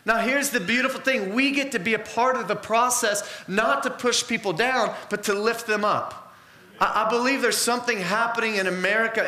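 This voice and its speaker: Guy preaching a sermon, high bright voice, roomy echo, earnest and chatty. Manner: earnest, conversational, with personal stories.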